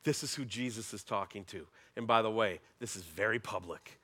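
A middle-aged man preaching a sermon as pastor, talking in a conversational way with emphatic, animated bursts. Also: lowish voice, brisk.

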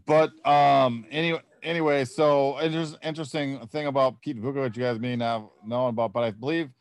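A man co-hosting a sports podcast, talking in a measured, casual way with frequent ums. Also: medium pitch, steady tone, dry recording. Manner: measured, fills pauses with um and uh. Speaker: podcast co-host.

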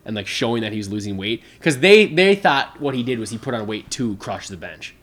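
A man's voice: mid-range voice, very animated, a little fast, fairly bright tone. A man co-hosting a podcast, talking casually about sports with a lot of fillers and restarts. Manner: rambling, conversational, many fillers. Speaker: podcast co-host.

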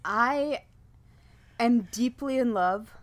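A woman with a fairly high voice speaks extremely slowly. She's a podcast co-host in casual, playful chat, reading a rhyming intro in a hushed, spooky tone.

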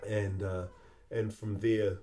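Low, dark-voiced man. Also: flat delivery, a little hiss or hum. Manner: halting, repeats words while recalling. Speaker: podcast host. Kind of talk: reflective personal storytelling.

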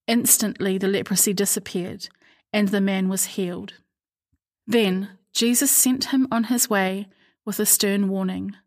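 A woman reads scripture aloud at a calm, measured pace. Her voice sits in a middle pitch, and she slows down for the quoted lines. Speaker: Bible reader. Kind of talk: scripture reading.

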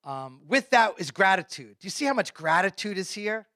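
A male pastor preaching a sermon in a conversational way, often dropping his voice to a near hush for emphasis. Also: high voice, very animated, moderate pace, dry recording, clean studio sound.

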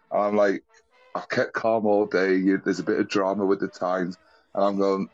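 A chatty man with a somewhat low voice, calling in to tell a long, rambling story. He laughs often as he goes and drops the odd casual swear word, in a loose, conversational tone. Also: level tone, moderate pace, highs cut off. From England. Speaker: guest calling in.

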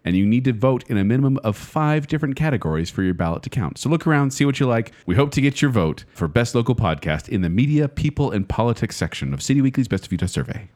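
A man's voice: medium pitch, expressive, fast talker, hardly any pauses, a little mellow. A man hosting a casual podcast, upbeat as he announces segments and asks listeners for a favor. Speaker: podcast host.

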